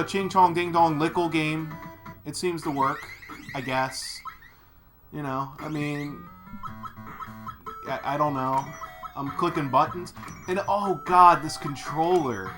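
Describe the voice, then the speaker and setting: A young man ranting in a satirical vlog, mock-outraged, swinging between low mumbles and shouting. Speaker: YouTuber. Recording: music playing underneath.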